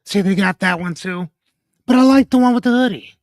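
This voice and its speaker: Fairly quick and high-voiced, a young man hosts a casual stream in clean, echo-free studio sound. He reads viewers' names and comments, cracks jokes, swears casually and breaks off with "hold on."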